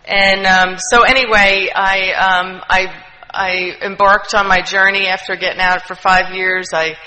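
Woman, earnest testimony, heartfelt, bright voice, reverberant hall. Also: medium pitch, level tone, a little slow, slight background noise. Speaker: speaker sharing a recovery story. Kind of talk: personal testimony talk.

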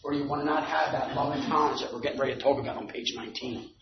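High-voiced man telling a story in an echoey room. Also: very fast, crowd noise. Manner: animated, building to shouting at the climax. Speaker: speaker at a recovery meeting. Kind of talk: storytelling talk to a group. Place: meeting room. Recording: echoey room, distant dull mic.

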